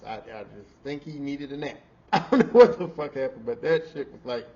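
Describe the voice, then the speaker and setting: A man hosting a podcast, telling a work story in a casual, animated, profane way and often repeating himself. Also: medium pitch, fairly quick, highs cut off. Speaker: podcast host.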